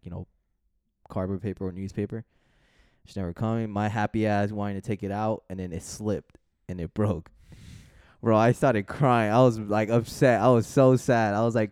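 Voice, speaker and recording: A man co-hosting a podcast, telling personal stories in casual chat, animated and swearing freely, acting out the voices of people in his stories. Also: on the low side, clean tone, dry recording, studio quality. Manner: animated storytelling, acts out quoted voices. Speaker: podcast co-host.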